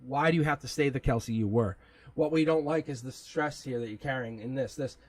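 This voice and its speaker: Fairly quick and medium in pitch, this man hosts a live tarot reading in a rambling, offhand style, chuckling often and cursing here and there. The rough recording has no echo.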